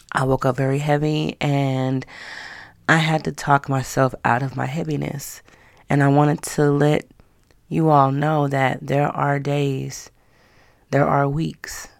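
A woman hosts her own talk podcast in a casual, motivational way. Her voice has a gravelly, creaky edge, and she leans on words with drawn-out emphasis. The sound is close and dry, with no room around it. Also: rumbling low, darkish tone, no room sound. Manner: earnest, encouraging, drawn-out emphasis. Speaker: podcast host.

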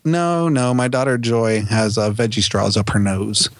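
A man's voice: lowish voice, measured pace, dry recording. A man co-hosting a podcast, telling a casual story with lots of laughs and acted-out lines from his family. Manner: animated, laughs often, acts out family members' lines. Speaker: podcast co-host.

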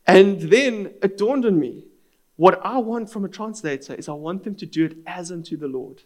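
A man's voice: high-pitched, animated, normal speed. A man, preaching a sermon as pastor in an earnest, storytelling manner.

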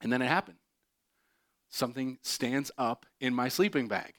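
A man's voice: mid-range voice, normal speed. A man in his thirties, a pastor preaching a sermon and telling a funny personal story with lots of fillers. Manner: animated, self-mocking storyteller with many fillers.

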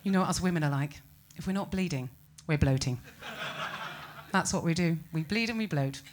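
A British woman performing a stand-up comedy set, ranting with incredulous, animated exclamations. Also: deep voice, brisk, noisy background. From Britain.

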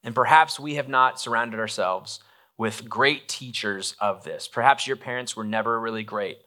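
Bright-voiced man preaching conversationally. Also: medium pitch, normal speed. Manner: conversational, animated, acts out quoted lines. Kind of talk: sermon.

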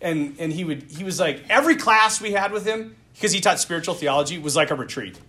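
A young male priest preaching a sermon in an animated, self-deprecating way, often laughing at himself. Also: fairly high pitch, fast talker.

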